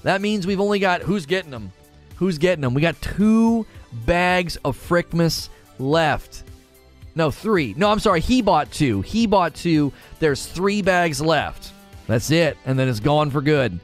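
A man chatting casually on a livestream, animated, ranting and laughing often. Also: on the high side, measured pace, soft background music. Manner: animated, rants and laughs a lot. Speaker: streamer.

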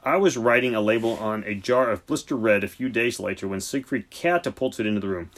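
A man reading an audiobook, with measured, dry storytelling narration. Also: on the low side, a bit bright. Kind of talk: scripted narration.

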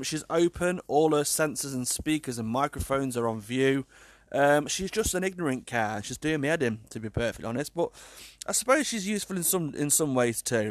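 Young British man, casual vlog chat, exasperated, joking, higher voice, dry close sound. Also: no room sound. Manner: chatty, exasperated, swears and laughs often. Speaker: vlogger.

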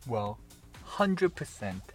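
A man's voice: medium pitch, sing-song, takes it slowly, faint music behind. A young man from Britain co-hosting a podcast with teasing, dry banter. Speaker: podcast co-host. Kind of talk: casual chat.

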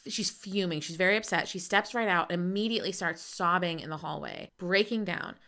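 A woman co-hosting a podcast, recapping a TV episode in casual chat, animated, swearing casually and laughing often. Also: lowish voice, brisk. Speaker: podcast co-host.

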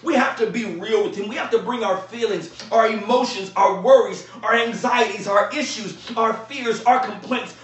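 A man preaching a sermon as pastor, fervent and calling out to his congregation, at times rising to shouts. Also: high voice, distant mic. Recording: echoey room, voice from off-mic.

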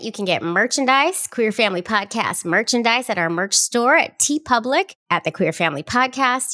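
A woman's voice: medium pitch, sharp tone, no room sound. A woman hosting a podcast, bubbly and effusive, talking close to the mic. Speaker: podcast host. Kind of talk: enthusiastic podcast interview.

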